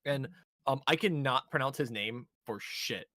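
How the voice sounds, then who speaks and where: A man's voice: medium pitch, moderate pace, pushed and bright. Casual man rambling through a recap. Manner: rambling recap with fillers and swearing, acting out character lines. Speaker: podcast co-host recapping an anime episode. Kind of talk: casual chat.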